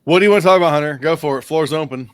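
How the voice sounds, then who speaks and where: A man's voice: fairly high pitch, rapid-fire, clean tone, no room sound. A man co-hosting a podcast, chatting casually with a lot of swearing and laughter. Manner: laughs often, mock voices when quoting. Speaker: podcast co-host. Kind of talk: casual profane banter.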